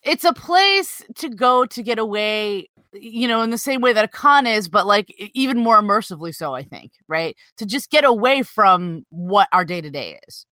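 A woman talking casually with a bright, sharp edge to her voice, filling her sentences with "like" and cursing without a second thought. The sound is close and dry. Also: medium pitch, expressive, moderate pace, hardly any pauses, no echo. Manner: loose, peppered with "like", swears freely. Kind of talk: casual chat.

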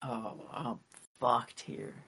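A playful man co-hosting a podcast who laughs easily. His voice is bright and forward, sitting at a middle pitch. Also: level tone, extremely slow, breathy edge. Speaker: podcast co-host. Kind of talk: casual chat.

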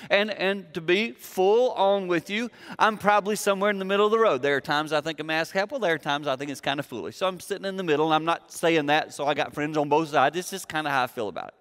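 A man's voice: on the high side, quick pace, hardly any pauses, fairly bright tone, big-room sound. A man giving a sermon as a pastor, telling a personal story in a conversational way and acting out the dialogue. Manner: conversational, acts out quoted dialogue.

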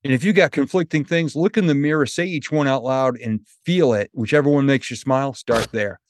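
A man's voice: mid-range voice, fairly quick, no room sound, clean studio sound. A middle-aged man from New Hampshire, a motivational speaker telling a story in a podcast interview and acting out the voices of people he quotes. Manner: animated storyteller who acts out quoted voices.

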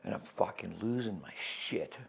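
A man's voice: deep voice, moderate pace, creaky, slightly rough. A middle-aged man telling his recovery story as a guest, candid and profane, often checking in with "right?".

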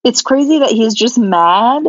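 Higher-voiced woman, skeptical podcast guest. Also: lively intonation, unhurried, no room sound, lo-fi sound. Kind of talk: casual chat.

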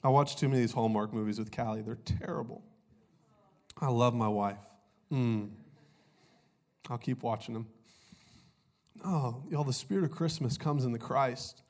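A young pastor preaches in a loose, conversational way, throwing in "y'all" and small jokes. His voice is slightly rough from a cold, and he speaks into a stage mic. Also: mid-range voice, normal speed, pauses often, darkish tone. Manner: conversational, jokey, says "y'all" often. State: recovering from a cold, voice a little off. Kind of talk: sermon.

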